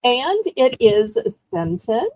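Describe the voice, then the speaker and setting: A woman's voice: sits high, very animated, very slow, vocal fry, muffled recording. A woman hosts a live online auction in a rambling, chatty storytelling way, laughing often. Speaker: live-stream auction host. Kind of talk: casual live-stream selling chat.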